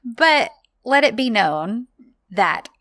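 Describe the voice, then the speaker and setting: A woman's voice: a little high, sing-song, slow pace, fairly bright tone, no echo. A woman co-hosting a casual chat, often laughing as she talks. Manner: giggly, laughs between remarks. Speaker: podcast co-host.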